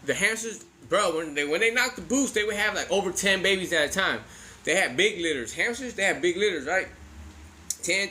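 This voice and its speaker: A man's voice: sits high, pushed and bright, a little hiss or hum. A man in his forties telling a funny childhood story in casual, profane slang, laughing often as he goes.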